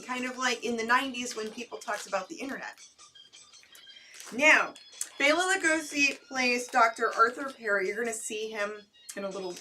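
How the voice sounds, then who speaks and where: Bright high-voiced woman movie host. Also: distant mic, slight background noise, poor audio. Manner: chatty, filler-heavy, upbeat presenter. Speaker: late-night movie host. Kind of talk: casual co-host chat.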